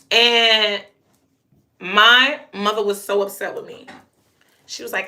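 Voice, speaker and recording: Blunt, bright-voiced woman vlogger. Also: medium pitch, fairly even intonation, takes it slowly, long pauses. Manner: blunt and emphatic, with stuttered repeats. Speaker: vlogger telling a personal story. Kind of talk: casual storytelling to camera.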